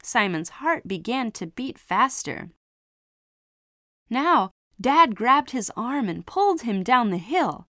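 Lively, slow-reading woman storyteller. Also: on the high side, no room sound, studio quality. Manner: expressive, voices the dialogue. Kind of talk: children's story reading with character voices.

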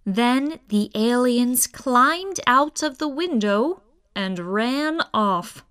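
Woman reading a kids story super slow and clear, kinda high voice. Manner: slow, careful, expressive reading.

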